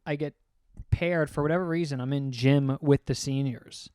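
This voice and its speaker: A man's voice: medium pitch, fairly even intonation, normal speed, darkish tone, smooth, no echo, studio quality. A young man co-hosting a podcast, telling rambling stories in casual chat, swearing often and acting out what people said. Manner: rambling storyteller, swears often, acts out quotes. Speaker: podcast co-host.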